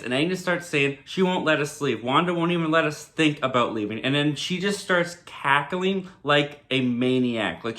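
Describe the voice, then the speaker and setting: A man recaps a TV episode in a loose, chatty way, leaning on "like" and "kinda". His voice sits a little high and sounds bright and forceful. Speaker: TV reviewer.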